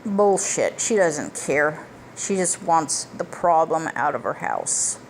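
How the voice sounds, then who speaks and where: Woman reviewer, low-pitched and unhurried, blunt profane recap with a faint hiss underneath. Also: animated. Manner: blunt and profane, retells with emphatic asides. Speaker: movie reviewer. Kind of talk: casual plot recap.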